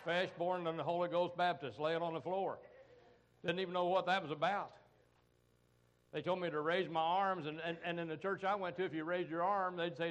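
A middle-aged American man preaching in a folksy, conversational way. His voice sits a little higher than most men's. He keeps breaking up his points with "amen" and "come on" asides to the congregation. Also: fairly even intonation, brisk, a bit bright, low-quality recording. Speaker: pastor. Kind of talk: sermon.

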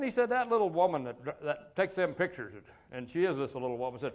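Midwestern preacher guy telling a story, kinda high voice, laughs a lot, trips over his words, dull lo-fi recording. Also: expressive, moderate pace. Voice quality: colloquial, chuckling, repeats words at the start of phrases. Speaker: pastor. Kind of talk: folksy storytelling sermon.

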